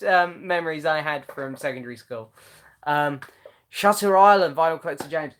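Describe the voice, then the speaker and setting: A man's voice: fairly high pitch, normal speed, a bit bright. A young man hosting a casual live chat, reading out viewers' comments in a chatty, meandering way with many ums. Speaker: live-stream host.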